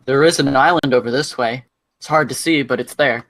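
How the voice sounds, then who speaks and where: A man's voice: medium pitch, a little fast, a bit bright, dry recording. A man playing a tabletop game, joking around in casual, playful banter. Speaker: player.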